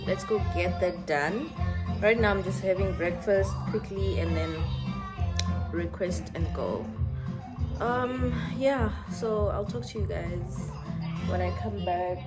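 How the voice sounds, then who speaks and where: A young woman, chatting casually to her phone camera for a vlog in a soft, rambling way full of fillers. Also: on the low side, slow. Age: 20s. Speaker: mom vlogger. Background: background music.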